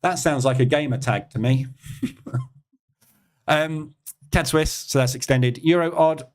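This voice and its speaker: A man's voice: fairly high pitch, measured pace. A man hosting a live trading stream, giving casual market commentary and thinking aloud with many fillers and asides.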